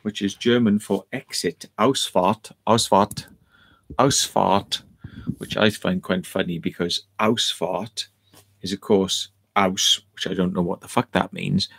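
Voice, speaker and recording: A man rambling sardonically to camera, swearing freely as he goes. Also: lowish voice. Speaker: video host. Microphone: camera mic.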